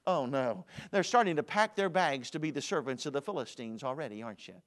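A man preaching a sermon in a church auditorium, swinging from loud declarations to hushed asides. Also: medium pitch, expressive, brisk, few pauses.

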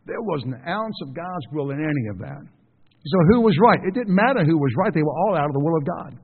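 A man's voice: on the high side, animated, brisk, husky. A man preaching a sermon in a conversational way, asking the congregation questions and acting out the people he quotes. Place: church. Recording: phone-like sound with long hall reverb.

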